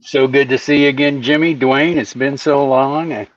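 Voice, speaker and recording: A man's voice: medium pitch, fairly even intonation, normal speed, no echo. A man joining a podcast over a remote call as a guest expert, upbeat and friendly. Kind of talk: casual chat. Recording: muffled distant call audio.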